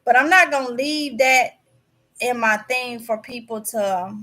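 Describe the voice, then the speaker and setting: Bright-voiced woman preaching on a livestream. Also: a little high, measured pace. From Mississippi. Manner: preachy, emphatic, repeats words for stress. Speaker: YouTube channel host. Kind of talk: casual livestream talk.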